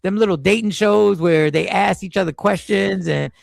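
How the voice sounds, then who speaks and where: A man hosting a casual podcast chat, talking in an animated, emphatic way with frequent restarts. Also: high-pitched, normal speed, vocal fry, dry recording. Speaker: podcast host.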